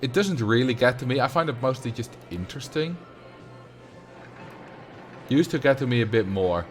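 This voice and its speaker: A man's voice: medium pitch, moderate pace, faint music behind. A man streaming a park-building game, chatting casually and thinking aloud as he plays. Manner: relaxed, thinking aloud while playing. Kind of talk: casual gameplay commentary.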